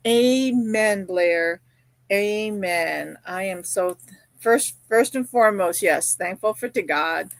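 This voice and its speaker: Over a dry streaming-mic recording, a woman with a voice on the low side hosts a crochet livestream. She's chatty, reading viewers' comments aloud and telling stories with lots of fillers and acted-out quotes.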